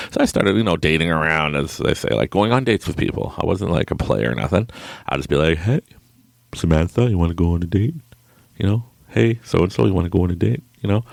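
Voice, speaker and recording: A man's voice: sits low, gravelly, no room sound, clean studio sound. A young man hosting a podcast, telling a personal story in a casual way and laughing often at himself. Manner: laughs often, animated and self-mocking. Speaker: podcast host.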